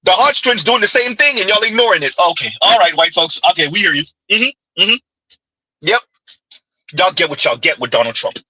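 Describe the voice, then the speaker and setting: A man's voice: high voice, expressive, moderate pace, pushed and bright, husky, no echo, poor audio. A man, hosting a sarcastic, heated commentary rant. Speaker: commentary channel host.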